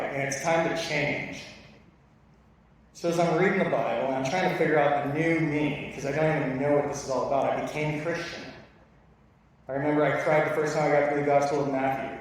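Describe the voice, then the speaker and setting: A man gives a heartfelt church testimony, speaking earnestly and sometimes haltingly as he recounts his story. His voice sits in the middle range and rings through a large, very echoey hall with a long reverb tail. He sounds set well back from the microphone, with faint ambient noise under him. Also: a little high, fairly even intonation, distant mic. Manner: earnest, emotional, halting delivery.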